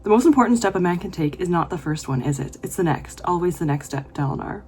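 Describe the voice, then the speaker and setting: A woman's voice: fairly low pitch, animated, quick pace, darkish tone, slight background noise. Emotional woman vlogger reading aloud. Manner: emotional, gushing reactions with laughs and whispered asides. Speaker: book vlogger. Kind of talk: casual reading vlog, reading passages aloud.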